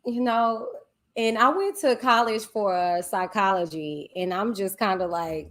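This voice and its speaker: A woman hosting a casual livestream, chatting with viewers and reading their comments aloud. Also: mid-range voice. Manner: chatty, drawn-out exclamations, talks to viewers as "y'all" and "child". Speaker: livestream host.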